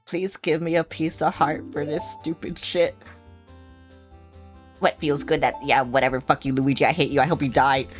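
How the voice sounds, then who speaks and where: A woman's voice: deep voice, steady tone, normal speed, soft background music. A woman streamer giving live gameplay commentary, chatty and sarcastic, with frequent swearing and asides to herself.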